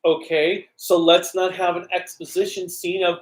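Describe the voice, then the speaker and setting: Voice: mid-range voice, level tone, normal speed. A co-host in casual chat, critical and insistent about a TV show's writing. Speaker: podcast co-host.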